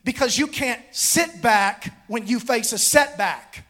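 Man preaching, really high voice, rhythmic and fired up, builds to shouting. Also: takes it slowly. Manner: impassioned preaching, rhythmic repetition, rising to shouts. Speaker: pastor. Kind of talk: sermon. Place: church sanctuary with congregation.

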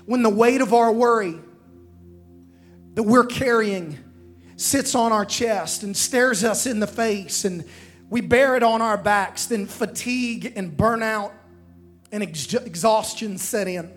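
A man with a high voice preaches a sermon, asking the congregation to say lines back to him. Faint music plays underneath his words. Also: slow, fairly bright tone. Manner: preaching with call-and-response to the congregation.

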